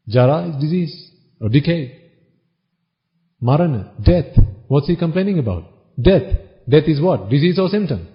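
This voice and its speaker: A man giving a Buddhist sermon, asking the audience questions and answering them himself, now and then reciting Pali phrases quickly. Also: a little high, animated. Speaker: Buddhist preacher. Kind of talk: dharma talk sermon. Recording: dull lo-fi recording.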